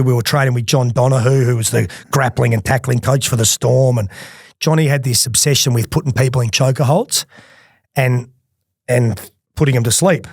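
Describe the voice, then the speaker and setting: A man's voice: mid-range voice, a little mellow, dry recording. Australian man, middle-aged, rambling laughing storyteller, swears, dry close sound. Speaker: podcast guest. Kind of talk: casual storytelling.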